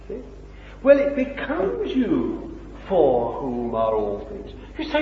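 A man preaching a sermon, impassioned, with rhetorical questions, swinging between loud and hushed. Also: sits high, huge pitch swings, takes it slowly, a little hiss or hum. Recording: dull old recording in an echoey hall.

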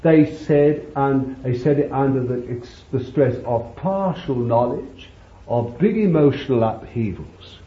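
A man preaching a sermon, calling his listeners beloved, laughing between points and jumping high when he voices prayers and pleas. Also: a little slow. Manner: animated, jumps to high pitch for quoted pleas. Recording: dull lo-fi old sermon tape with faint hiss.

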